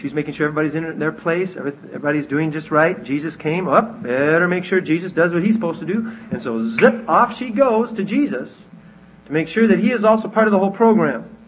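A man's voice: fairly high pitch, quick pace, a little hiss or hum. A man teaching verse by verse from the Bible in a conversational way, often asking his listeners questions. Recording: dull lo-fi recording.

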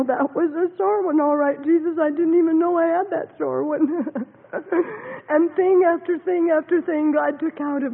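A woman giving an emotional church testimony, her voice often breaking with tears and laughter as she recovers from having lost her voice. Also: high-pitched. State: recovering from voice loss. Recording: tinny lo-fi recording with long hall reverb.

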